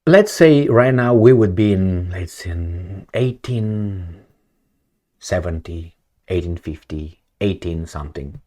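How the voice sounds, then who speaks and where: Opinionated guy ranting solo, lively pitch, blunt, keeps asking rhetorical questions. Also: takes it slowly. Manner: blunt, rhetorical questions, swings loud and soft. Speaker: political commentator.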